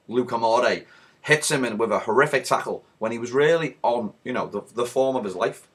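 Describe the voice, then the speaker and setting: A hoarse man with a Liverpool accent, recapping a football match in a rowdy, swearing storytelling way. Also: medium pitch. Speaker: football fan vlogger.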